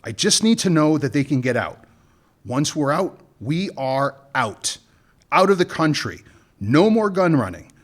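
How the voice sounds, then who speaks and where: A man's voice: fairly high pitch, big pitch swings, a little slow. An actor playing a confident male weapons smuggler with a dry, teasing way of talking, in an audio drama. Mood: scheming. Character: suave male weapons smuggler, wry and persuasive.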